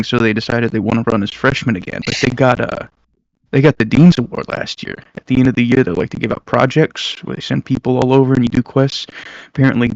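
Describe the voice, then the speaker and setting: A man's voice: medium pitch, gravelly, no room sound, dull audio. A man narrating as game master in a casual, filler-heavy way.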